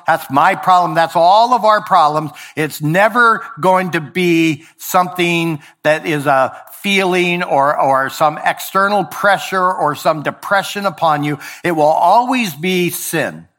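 Earnest male pastor preaching. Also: on the high side. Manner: earnest, wide swings from quiet to emphatic. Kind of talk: sermon.

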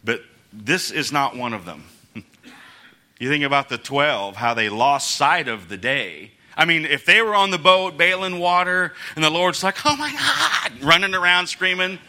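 A man's voice: a little high, moderate pace, bright, forceful tone. A man preaching a casual, conversational sermon as pastor, chuckling between points and acting out the quotes in his story.

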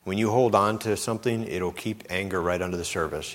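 A man's voice: low-pitched, brisk, a bit bright. A middle-aged man preaching a sermon in a conversational way, telling personal stories, repeating words and acting out what people said. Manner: conversational, repeats words, acts out quoted speech. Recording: long hall reverb.

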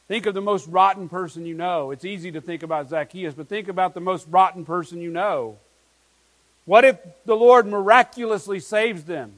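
High-voiced man preaching a sermon. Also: moderate pace, low-quality recording. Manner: earnest, emphatic preaching with many rhetorical questions and restarts. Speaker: pastor.

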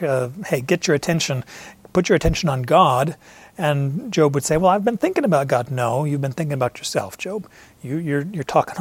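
A man's voice: mid-range voice, breathy edge, dry recording. A man preaching a sermon to his congregation, earnest and emphatic, repeating key phrases and often restarting mid-sentence. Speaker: pastor.

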